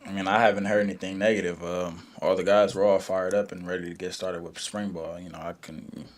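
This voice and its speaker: Low-voiced young man with many fillers. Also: brisk. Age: young adult. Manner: relaxed, leans on "you know" and "um" fillers. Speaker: college football player. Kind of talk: press conference answers.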